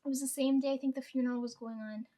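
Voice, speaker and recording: A young woman with a high voice chats to her camera at home in a casual vlog. Her throat is sore, and she tells her story with plenty of swearing and frequent laughter. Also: fairly even intonation, very fast, dark tone. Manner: profane, laughs often, storytelling. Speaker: vlogger. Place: at home, sitting before camera.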